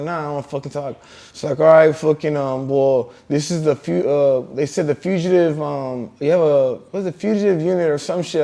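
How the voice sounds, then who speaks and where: Cali guy telling a story, swears a ton, lots of likes and ums, kinda high voice. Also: warm tone. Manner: profane, rambling with many fillers. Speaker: interview guest. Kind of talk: casual storytelling.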